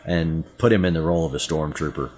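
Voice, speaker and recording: A middle-aged Southern US man with an extremely low voice talks fast while co-hosting a podcast. In casual chat he tells lively, rambling stories packed with asides.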